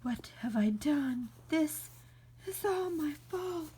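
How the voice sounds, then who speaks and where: A woman's voice: high-pitched, very animated, unhurried, heavily acted. A woman voicing an anxious storybook bird, fretful and worried for a friend.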